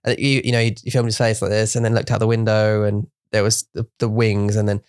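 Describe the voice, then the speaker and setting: A man's voice: on the low side, level tone, quick pace, a little mellow, clear, resonant tone, dry recording, clean studio sound. A male podcast co-host, a native English speaker, chatting casually in a rambling, jokey way and slipping in Mandarin words. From English-speaking country. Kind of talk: casual bilingual chat.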